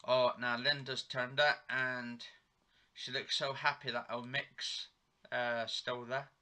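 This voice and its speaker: Rambling man with a very bright voice. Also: mid-range voice, level tone, takes it slowly. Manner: rambling, retells dialogue with "he goes" and "she said". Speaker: TV episode reviewer. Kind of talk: live play-by-play recap while watching.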